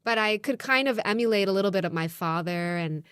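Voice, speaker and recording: A woman co-hosting a podcast in casual chat, candid and reflective, with quick asides. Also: mid-range voice, expressive, a bit bright, clear, resonant tone, no echo, studio quality. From raised outside Australia, Japanese father. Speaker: podcast co-host.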